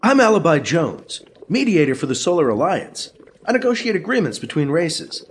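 Alibi Jones, a wry space mediator. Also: male voice, fairly high pitch, big pitch swings, normal speed, breathy edge. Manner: dry, sardonic asides. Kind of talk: radio drama.

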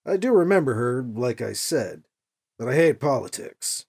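A man's voice: mid-range voice, sing-song, normal speed, darkish tone, breathy edge. A man voicing a middle-aged former politician who talks in a rambling, chatty way in a storybook reading.

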